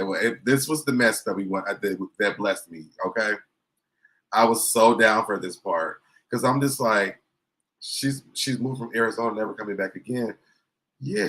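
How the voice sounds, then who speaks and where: Lower-voiced man giving gossipy commentary. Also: a bit bright, rough recording. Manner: gossipy, sarcastic, chats to viewers. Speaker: livestream host. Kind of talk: casual commentary reacting to clips.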